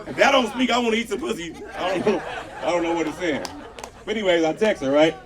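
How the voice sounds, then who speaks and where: A man's voice: high-pitched, lively intonation, fast talker, distant mic. A man doing a crude stand-up comedy set at an outdoor show, telling stories with voiced quotes and talking to the crowd. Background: crowd laughing.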